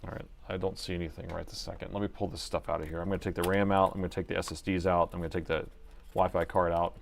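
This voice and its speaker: Male repair streamer, lower register, relaxed commentary that drifts between mumbling and addressing viewers. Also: quick pace, creaky, slight background noise. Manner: muttering to himself, then chatty to viewers. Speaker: livestream repair host. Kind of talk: casual live commentary while repairing.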